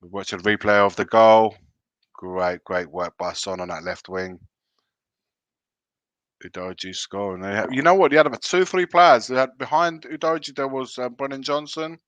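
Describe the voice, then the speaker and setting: Male watch-along host, forceful tone, running commentary on the match with casual asides, dry sound. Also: on the low side, moderate pace, dry recording. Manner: play-by-play calling of the action, chatty asides.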